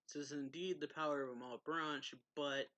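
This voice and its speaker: A man reading a calm, stoic young woman mage's lines in a flat, even voice close to his own, slightly raised. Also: fairly high pitch, moderate pace, dry recording, highs cut off, pitched above the performer's own voice.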